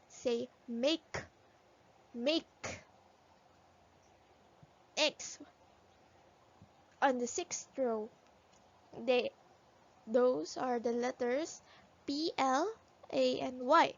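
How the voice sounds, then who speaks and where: A woman's voice: sits high, drawn-out words, creaky, pauses often. A woman teaching a phonics lesson to young children, sounding out letters one by one and repeating each word for them to echo. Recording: dull lo-fi recording.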